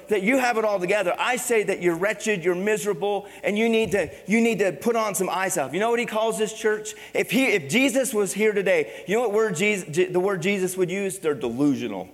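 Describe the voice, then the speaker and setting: A middle-aged male pastor preaching a sermon, animated and conversational, with rhetorical questions and storytelling. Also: high-pitched. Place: church sanctuary. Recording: long reverb of a church hall.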